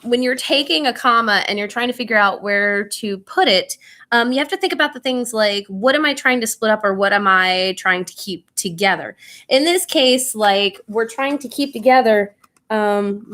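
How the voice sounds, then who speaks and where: Young woman teacher, bright tone, informal and full of "um" and "right?". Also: mid-range voice. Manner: chatty, with many fillers and "right?" checks. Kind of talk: live online class lesson.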